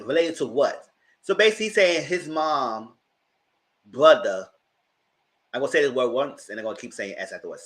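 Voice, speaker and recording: Animated man recapping a TV episode. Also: mid-range voice, normal speed. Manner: animated, dramatic storytelling with slang asides; colorful and heated, swears in his commentary. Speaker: TV reviewer and channel host.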